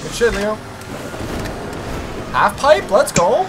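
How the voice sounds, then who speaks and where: Hyped young guy streaming a game w/ his crew, high bouncy voice, yelling a lot, music going underneath. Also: slow pace. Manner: excitable, frequent exclamations and shouts. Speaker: gaming channel host. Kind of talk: casual gameplay commentary with friends.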